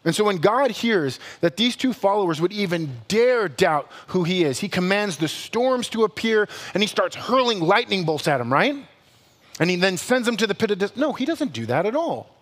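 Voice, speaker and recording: A man preaching a sermon with a notably high voice for a man, and his words ring out with a long reverb, as if filling a church hall. He keeps it conversational and animated, slipping in playful asides and correcting himself with humor. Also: moderate pace. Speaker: pastor.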